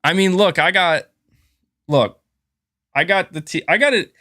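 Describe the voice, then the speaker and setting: A man's voice: high voice, unhurried, bright, forceful tone, dry recording, clean studio sound. A man hosting a casual gaming livestream, rambling and thanking viewers, with a sore throat. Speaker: gaming channel host.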